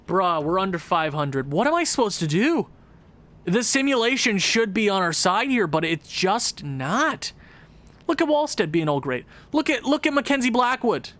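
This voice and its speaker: A young man with a high voice gives casual commentary on a sports video game. He talks through stats in an easy, chatty way, then rants and yells in exasperation as his team keeps losing. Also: sing-song, unhurried. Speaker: gaming channel host.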